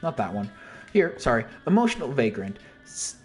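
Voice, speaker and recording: A man's voice: mid-range voice, very animated, moderate pace, faint music behind. A man casually explaining an album's story in a rambling, self-interrupting way, with mild slang. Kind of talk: casual commentary.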